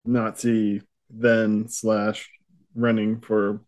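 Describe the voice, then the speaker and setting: A man's voice: lowish voice, monotone, drawn-out words, darkish tone. A man co-hosting a podcast, adding wry, joking remarks in casual chat. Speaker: podcast co-host.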